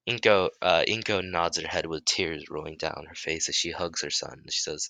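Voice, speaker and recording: A man narrating an improvised fan story in a deep, low voice with a bright, forceful edge. He halts and restarts often as he makes it up. The recording is dry and close, with no room sound. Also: fairly even intonation, dry recording. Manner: halting, many restarts, making it up as he goes.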